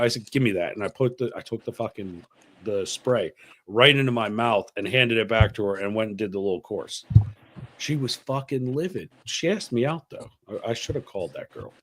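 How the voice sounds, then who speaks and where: A man hosting a casual podcast, telling a crude story with lots of swearing and animated asides. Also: on the low side, moderate pace. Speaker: podcast host.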